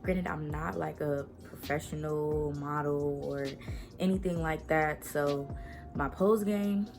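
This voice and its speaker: Young female vlogger, casual and slangy, lowish gravelly voice, music clearly playing behind. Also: fairly even intonation, slow pace. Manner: chatty, slangy, laid-back. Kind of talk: casual chat to camera. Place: her bedroom at home.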